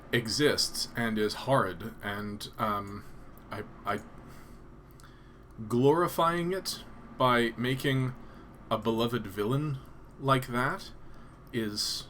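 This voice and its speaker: Male streamer from Canada, mid-pitched, casual rambling chat with hesitations, faint room noise. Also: fairly bright tone. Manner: rambling, hesitant, lots of ums and restarts. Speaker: live streamer.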